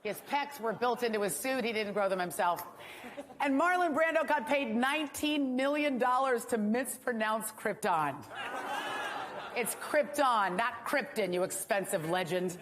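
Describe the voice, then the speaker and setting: Hosting an awards ceremony, a woman with a slightly high voice delivers a stand-up monologue at a moderate pace, full of wry jokes and asides for the live audience. The hall is echoey, with faint room noise.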